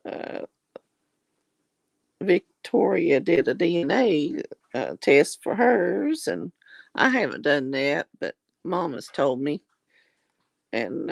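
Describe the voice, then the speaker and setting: A woman's voice: sits low, creaky, dry recording. A middle-aged woman, chatting on her livestream and reading out viewer comments, calling them honey and darling. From Southern US. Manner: warm, affectionate, calls viewers honey and darling. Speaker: livestream host.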